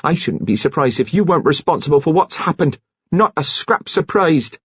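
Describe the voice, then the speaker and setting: Man doing a shrill, scolding prim nurse. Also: expressive, normal speed, slightly rough, dry recording, dull audio. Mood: indignant. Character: indignant prim middle-aged nurse woman.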